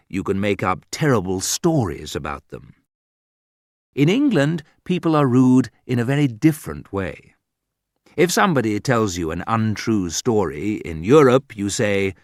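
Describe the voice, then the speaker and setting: A man reading an audiobook aloud in a slow, deliberate way for English learners. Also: on the low side, no echo, clean studio sound. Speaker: audiobook narrator. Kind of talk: scripted audiobook narration.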